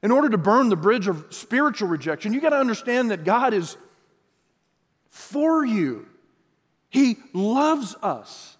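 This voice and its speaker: Man, pastor, earnest sermon, high voice, long hall reverb. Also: sing-song, unhurried. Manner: earnest preaching, reads scripture aloud, stretches words for emphasis.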